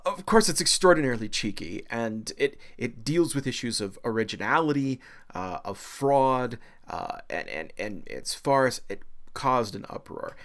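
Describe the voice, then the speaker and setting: A man giving a recorded art history lecture, animated and excitable, with frequent fillers and self-deprecating dad jokes. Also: medium pitch, normal speed.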